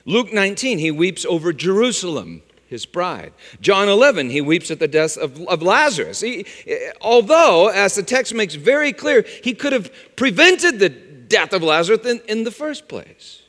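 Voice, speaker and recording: A man's voice: very animated, normal speed, hardly any pauses, fairly bright tone. A middle-aged man preaching a sermon, telling a story and weaving in scripture references. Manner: storytelling with scripture references, pitch rising and falling widely. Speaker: pastor. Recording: long hall reverb.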